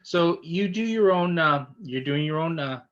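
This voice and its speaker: A man's voice: fairly high pitch, expressive, a little slow, a bit bright, dull audio. A man hosting an interview, asking casual questions with lots of hesitation. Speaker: interview host.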